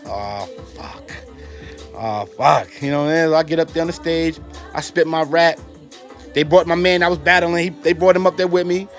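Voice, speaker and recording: Animated New man telling stories. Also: a little high, normal speed, faint music behind. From New York. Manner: animated, profane, acts out quoted dialogue. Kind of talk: casual storytelling.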